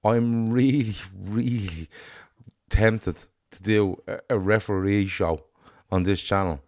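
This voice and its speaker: A man's voice: fairly low pitch, steady tone, slow pace, a little mellow. Blunt, sweary Irish man ranting. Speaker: podcast co-host. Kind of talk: casual football chat.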